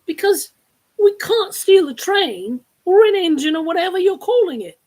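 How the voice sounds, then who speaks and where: A woman's voice: very high-pitched, lively intonation, moderate pace, darkish tone, voice pushed up. A woman voicing a nervous young male sidekick who talks in a worried, pleading way, read aloud from her novel. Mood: anxious.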